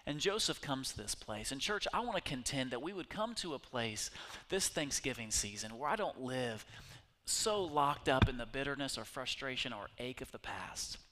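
A middle-aged male pastor preaching a sermon, animated and conversational, speaking directly to his congregation. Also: mid-range voice, normal speed, slight background noise.

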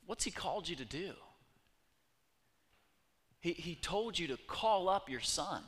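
A man preaching a sermon, telling scripture stories with lively acted-out voices. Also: sits high, a little slow, in a large hall. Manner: animated storytelling, acting out voices of God and people. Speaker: pastor. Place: church sanctuary.

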